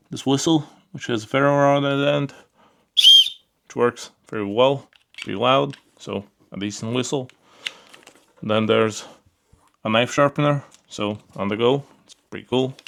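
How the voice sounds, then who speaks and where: Gravelly man reviewing gear casually. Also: medium pitch, slight background noise. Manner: relaxed, repeats fillers like "pretty cool" and "yeah"; handles the gear while talking. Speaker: product reviewer.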